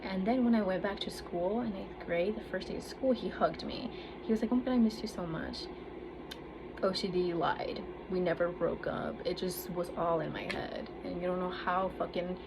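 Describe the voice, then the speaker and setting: A woman's voice: lowish voice, fairly even intonation, moderate pace. A young woman vlogger telling a personal story in a casual, rambling way, with many fillers and acted-out quotes of her own past thoughts. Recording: noticeable background noise.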